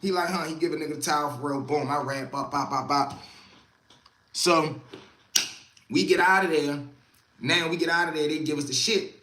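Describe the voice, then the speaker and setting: A young adult man on a livestream tells a story to his live chat, animated and loose, slipping into other people's voices as it unfolds. His voice is a bit high, bright and forceful, at a moderate pace with long pauses, in an echoey room.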